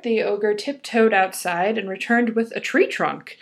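A woman's voice: medium pitch, measured pace. A woman co-hosting a casual chat, reading a folk tale aloud and giggling often. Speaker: podcast co-host.

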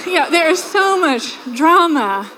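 A woman's voice: very high voice, measured pace, slight background noise. A woman preaching a sermon in a church, telling stories and acting out quoted voices. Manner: lively storytelling with quoted voices. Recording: reverberant hall.

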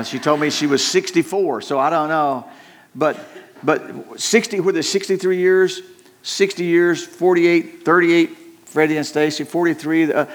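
An older man preaching a sermon in an earnest tone, repeating words and slowing down to stress his points. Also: mid-range voice, fairly bright tone. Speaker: pastor.

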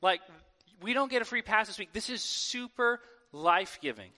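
A man preaching a sermon to his church in a lively, conversational way, acting out quoted voices. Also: sits high, normal speed. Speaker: pastor. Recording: long hall reverb.

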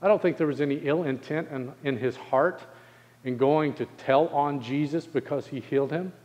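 A male pastor preaching a sermon, asking the congregation rhetorical questions and slowing down to stress key phrases. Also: fairly high pitch, darkish tone, big-room sound, muffled recording.

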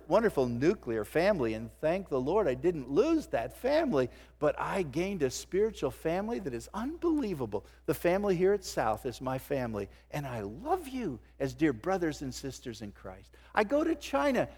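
Animated male preacher in a reverberant church. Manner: animated preaching, swinging from loud emphasis to hushed lows. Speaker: pastor. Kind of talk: sermon. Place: church sanctuary. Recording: long hall reverb.

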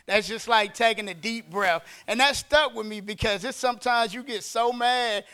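A man's voice: high voice, sharp tone, smooth. A man preaching a sermon in an emphatic, conversational way. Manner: emphatic and conversational, acting out quick dialogue.

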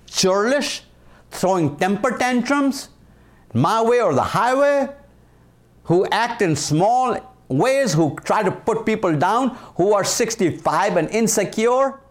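Speaking in a high-pitched voice with lively intonation, an Indian-accented man from India in his sixties presents a motivational leadership talk. He is emphatic, repeats key lines, and lets his pace drop for the punch lines.

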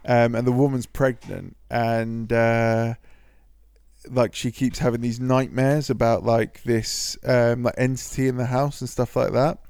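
A man's voice: mid-range voice, flat delivery, measured pace, darkish tone, clean tone, no echo. Rambling man telling a story. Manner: rambling anecdotes with lots of fillers and swearing, acts out quoted voices. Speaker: podcast co-host. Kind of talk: casual storytelling chat.

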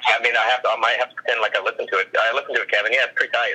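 A man's voice: mid-range voice, steady tone, very fast, a crowd in the background, rough recording. A man who works in radio, chatting casually on a podcast in a rambling, self-mocking, joking way.

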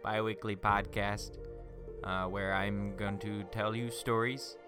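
A man's voice: on the low side, little pitch movement, slow, over music. A middle-aged man from Minnesota, hosting a podcast and telling a story in a rambling, folksy way full of fillers.

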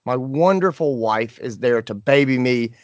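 Animated man telling a story. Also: unhurried, no room sound, muffled recording. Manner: animated, acts out quotes in high voices. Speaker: podcast co-host. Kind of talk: casual storytelling chat.

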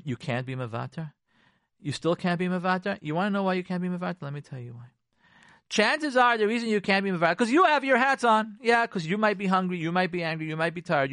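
A man talks through marriage advice like a radio therapist, his pitch riding a little high and jumping around with lively swings. He repeats his points for emphasis and slips Hebrew terms into his talk. The sound is dry and close, with no room around it. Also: no room sound. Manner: animated, repetitive, sprinkles Hebrew terms.

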